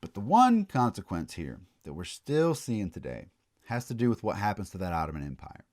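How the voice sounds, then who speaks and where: A man's voice: on the low side, very animated, normal speed, darkish tone. A man giving a recorded college history lecture, telling it as a story with casual asides and frequent restarts.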